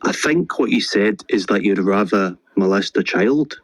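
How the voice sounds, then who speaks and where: A man's voice: on the low side, animated, unhurried, no room sound, poor audio. A man with a Scottish accent calling into an online debate, asking blunt, pressing questions. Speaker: caller.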